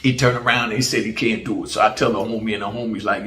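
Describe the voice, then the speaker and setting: A man's voice: on the low side, steady tone, fast, fairly bright tone. Jamaican man telling street stories, echoey. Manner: street slang, acts out quoted voices. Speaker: former prisoner telling his story. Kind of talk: casual street storytelling. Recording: roomy echo.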